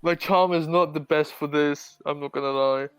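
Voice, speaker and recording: A woman playing a tabletop game, thinking aloud and pausing often. Her voice is low. The sound is close and dry, with soft music behind. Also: fairly even intonation, clean tone, no room sound. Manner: hesitant, lots of fillers. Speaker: player. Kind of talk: casual tabletop play.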